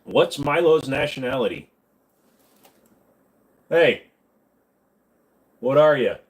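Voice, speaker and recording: Speaking at a medium pitch with lively intonation and an unhurried pace, this man runs a laid-back livestream where he answers viewers' questions through crude jokes and back-and-forth with chat. The recording is low quality.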